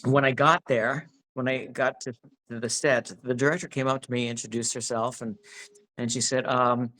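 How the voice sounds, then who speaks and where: A man's voice: mid-range voice, level tone, moderate pace, bright, forceful tone. A man being interviewed about his acting work, talking casually and rambling with many restarts. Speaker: actor, interview guest.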